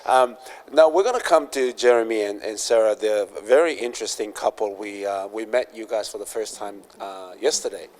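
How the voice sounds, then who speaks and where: A man's voice: on the low side, moderate pace, darkish tone. A man hosting an interview who affirms his guests and then introduces the next ones. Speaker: interviewer host. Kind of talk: interview questions.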